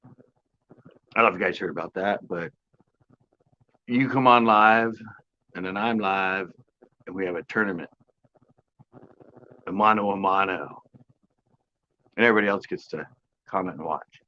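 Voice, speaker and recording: A man with a fairly low voice hosts a live fishing stream from his porch. He chats casually with viewers and reads their comments aloud, joking and sarcastic and laughing often. The audio is dull and lo-fi. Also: unhurried, long pauses, pushed and bright.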